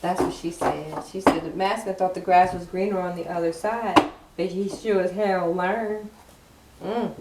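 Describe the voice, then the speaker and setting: A woman's voice: on the low side, steady tone, moderate pace. A woman giving a casual tarot reading, chatty and teasing the cards, laughing often. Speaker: tarot card reader. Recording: echoey room, mic at a distance, faint noise.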